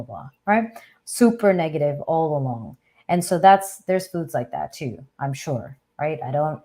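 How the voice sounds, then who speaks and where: A woman's voice: sits low, a little mellow. A woman hosting a live Q&A chat, talking conversationally and often checking in with a questioning "right?". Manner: thinks aloud with fillers and small restarts. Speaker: host of a live Q&A. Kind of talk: casual live chat talk.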